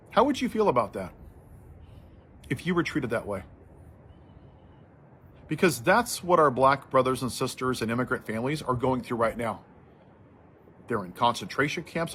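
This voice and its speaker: A man giving impassioned social commentary, telling a story and then building to forceful outrage. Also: medium pitch, a little hiss or hum.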